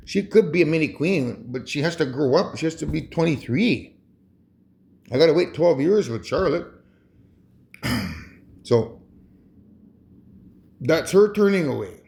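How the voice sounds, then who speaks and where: A man's voice: on the high side, darkish tone. A man talking to camera in a rambling monologue, chuckling often and restarting his phrases. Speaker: vlogger.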